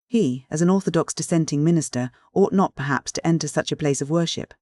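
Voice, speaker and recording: An audiobook reader narrating a classic novel in a measured, even manner. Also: medium pitch, dry recording, studio quality.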